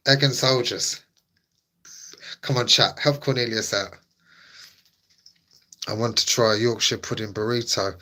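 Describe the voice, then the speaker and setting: A man's voice: mid-range voice, pushed and bright. A man streaming live, chatting casually with his viewers in a playful, teasing way that tips into mock drama.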